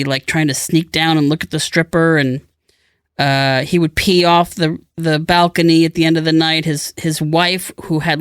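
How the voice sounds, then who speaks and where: This middle-aged man's voice is on the high side, fairly bright, clear and resonant, recorded at studio quality with no room sound. Co-hosting a casual podcast, he rambles through a long anecdote and acts out the people he quotes.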